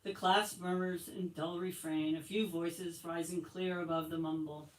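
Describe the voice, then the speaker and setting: A woman author reading her novel aloud at a bookstore event, expressive and light. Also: lowish voice, unhurried, slight background noise. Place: bookstore, indoors. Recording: echoey room from far off, faint ambience.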